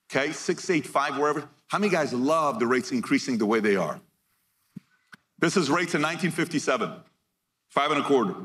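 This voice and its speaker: Punchy energetic man giving a keynote. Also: fairly high pitch. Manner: energetic, keeps quizzing the crowd with questions; punchy, reads figures out in short bursts. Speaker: keynote speaker. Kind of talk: motivational keynote to a live audience.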